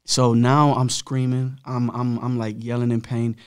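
A man's voice: mid-range voice, flat delivery, a little slow, clear, resonant tone, no echo, studio quality. A man as a podcast guest, telling his own story in a candid, blunt way, full of slang and swearing.

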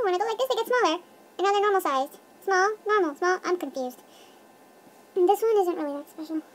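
Squeaky chipmunk-filtered young woman vlogging. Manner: giddy, goofy, self-mocking rambling. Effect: chipmunk pitch-up voice filter. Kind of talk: casual rambling vlog. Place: her bedroom.

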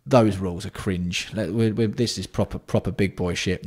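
A man hosting a casual livestream, bantering with chat and swearing freely while keeping his voice fairly hushed. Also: fairly low pitch, fairly even intonation, normal speed, hardly any pauses. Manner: banter-filled, sweary, reads out and answers chat. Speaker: livestream host.

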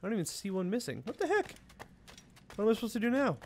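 A young man chats loosely over his gameplay in a slightly higher voice. He rambles, jokes at his own expense, and drifts between thoughts into a close desk microphone. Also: big pitch swings, quick pace, a little hiss or hum. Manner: rambling, self-mocking. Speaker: gaming video host. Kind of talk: casual let's-play commentary.

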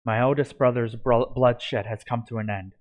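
A man's voice: mid-range voice, fairly even intonation, normal speed, close to an everyday voice. A man doing a solemn wolf spirit. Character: stern male wolf spirit, protective older brother.

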